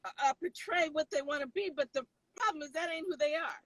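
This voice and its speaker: A woman's voice: sits high, fast, dry recording, poor audio. A middle-aged woman, a mother, giving her opinion in a casual discussion in an explaining way. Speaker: guest, a mother.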